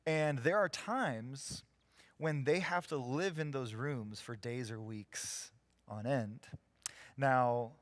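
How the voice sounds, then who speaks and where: Man, pastor, storytelling sermon, lively, acts out quotes, dry close mic. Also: mid-range voice, dry recording. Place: church sanctuary, live.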